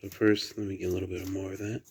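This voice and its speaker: A man with a slight Southern accent, chatting quietly through a toy unboxing at home late at night, keeping his voice down. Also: sits low, level tone, quick pace, slight background noise. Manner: soft, hushed indoor voice. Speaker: toy collector vlogger. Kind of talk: casual unboxing chat.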